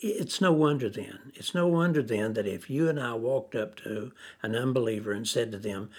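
A man preaching a sermon, slow and deliberate, repeating phrases for emphasis. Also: medium pitch, a little mellow, breathy edge.

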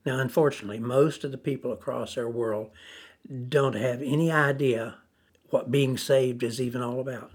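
A man preaching a sermon, slow and deliberate, repeating phrases for emphasis. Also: medium pitch, fairly even intonation, slightly rough.

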